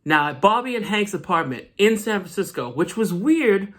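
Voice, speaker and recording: A man's voice: sits high, very animated, moderate pace, a bit bright. Male comic vlogger, casual recap, playful slangy commentary. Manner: joking, slangy asides. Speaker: comic book reviewer.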